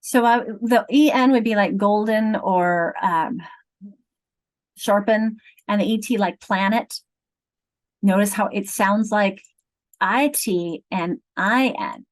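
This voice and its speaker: A woman training teachers online over a video call, explaining patiently and slowly sounding out syllables and letters. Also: mid-range voice. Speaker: literacy trainer.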